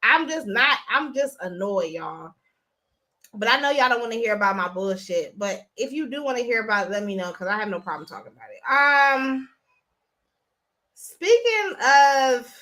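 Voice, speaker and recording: A woman with a high, bright voice chats with her live-stream viewers in a loose, blunt way, swearing freely. She talks into a phone. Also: sing-song, normal speed. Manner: chatty, blunt, profane. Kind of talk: casual live-stream chat.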